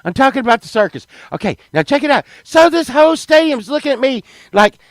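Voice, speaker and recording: Lively rambling man, high expressive voice. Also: fast, dry recording, poor audio. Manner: profane, rambling, animated, with sudden drops to mutters. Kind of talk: rambling comic storytelling.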